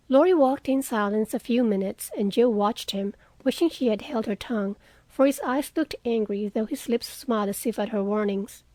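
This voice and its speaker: A woman narrating a classic novel aloud in a steady, measured reading. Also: fairly high pitch, no room sound. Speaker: audiobook reader. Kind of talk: audiobook narration.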